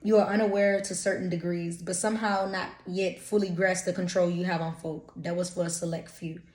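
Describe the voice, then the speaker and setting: Lady doing intuitive readings, lowish voice, straight talk and cussing, roomy sound. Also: little pitch movement, a little fast, darkish tone. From Louisiana. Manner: blunt, profane, streetwise slang. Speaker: intuitive reader. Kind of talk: casual channeled energy reading. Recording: roomy echo.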